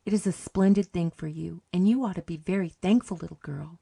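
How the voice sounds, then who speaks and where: A woman voicing a stern orphanage matron, brisk and bossy. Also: fairly low pitch, creaky, dark tone, husky.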